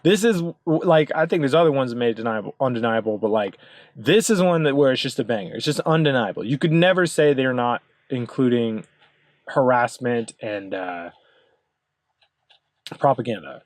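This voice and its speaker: A man's voice: mid-range voice, lively intonation, normal speed, no echo. Man ranting, profane and rambling, dry sound. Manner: rambling, profane, insistent, with many fillers. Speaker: video commentator. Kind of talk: ranting commentary over card images.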